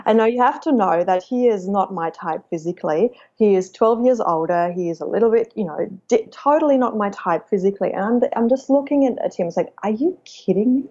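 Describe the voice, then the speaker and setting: A woman's voice: medium pitch, brisk, few pauses, darkish tone, dull audio. A woman guest on a podcast, telling personal stories in a reflective, spiritual way. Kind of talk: personal storytelling in conversation.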